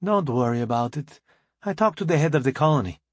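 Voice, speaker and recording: A man's voice: on the high side, lively intonation, quick pace, no echo. A man voicing a matter-of-fact, friendly woman. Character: calm, friendly woman, the captain's partner.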